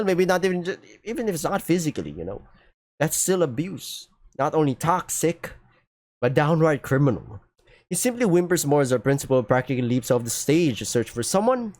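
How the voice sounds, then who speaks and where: A young man reading a visual novel aloud, with animated, joking commentary and casual swearing. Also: on the high side, a little fast, no room sound. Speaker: gaming streamer.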